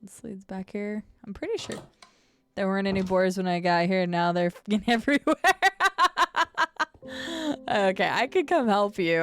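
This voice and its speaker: A woman streaming a game, chatting casually with her viewers and fellow players and laughing often. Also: fairly low pitch. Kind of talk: casual gameplay stream chat.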